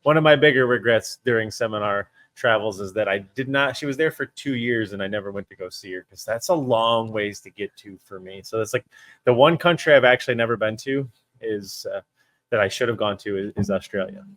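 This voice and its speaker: A man's voice: lowish voice, brisk, a bit bright, dry recording. A man with a scratchy Northeastern American accent, co-hosting a podcast in a joking, self-deprecating way. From United States. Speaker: podcast co-host. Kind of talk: casual podcast conversation.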